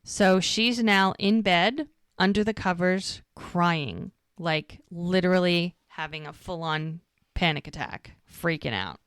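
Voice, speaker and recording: A woman co-hosting a podcast, casually recapping a TV episode and acting out the characters' lines in an animated way. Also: fairly low pitch, slow pace, clear, resonant tone, no room sound, clean studio sound. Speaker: podcast co-host.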